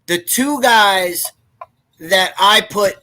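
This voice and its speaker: A man hosting a casual sports talk, excitable and prone to stammering and repeating himself. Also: high-pitched, extremely slow, a little hiss or hum, low-quality recording.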